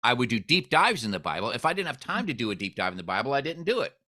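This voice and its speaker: A man hosting a podcast, chatting casually and telling stories with lively quoted voices. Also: medium pitch, fast talker. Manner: storytelling, animated when quoting others. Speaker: podcast host. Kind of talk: casual interview chat.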